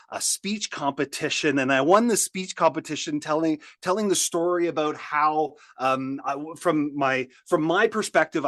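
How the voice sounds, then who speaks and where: A man being interviewed as a guest speaker, telling lively stories with many restarts. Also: fairly high pitch, dry recording, studio quality. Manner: energetic storyteller, many restarts. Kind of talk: podcast interview.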